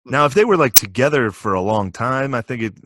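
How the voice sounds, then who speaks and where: A man, a podcast co-host who riffs on jokes in a deadpan way during casual banter. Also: medium pitch, a little fast. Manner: wisecracking, riffing on jokes with a deadpan tone.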